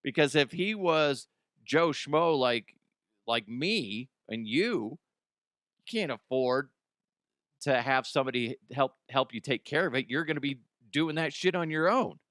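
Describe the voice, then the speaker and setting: A man's voice: medium pitch, lively intonation, unhurried, a bit bright, dry recording, clean studio sound. A man hosting a comedic news show, rambling bluntly through headlines, swearing and laughing at his own jokes. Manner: casual, blunt, frequent restarts. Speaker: host.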